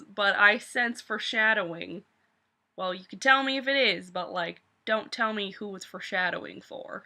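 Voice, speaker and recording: A woman casually recapping a TV episode for her video channel, animated and swearing often as she exclaims over events. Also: mid-range voice, normal speed. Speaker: video reviewer.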